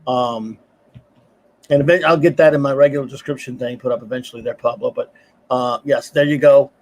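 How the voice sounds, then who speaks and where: A man's voice: medium pitch, fairly even intonation, brisk, highs cut off. A man hosting a casual livestream panel from his home computer, easygoing and chatty, calling his guests buddy. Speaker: livestream host.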